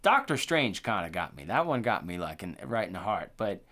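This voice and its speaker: A man co-hosting a horror podcast, talking in a loose, profane, excitable way and filling his speech with "like" and "dude.". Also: sits low, brisk. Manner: animated, profane, full of "like" and "dude". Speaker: podcast co-host. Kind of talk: casual chat.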